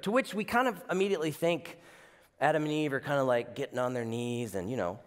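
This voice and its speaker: A man preaching a sermon as a pastor, animated, with playful asides and voiced quotes. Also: medium pitch, quick pace, big-room sound.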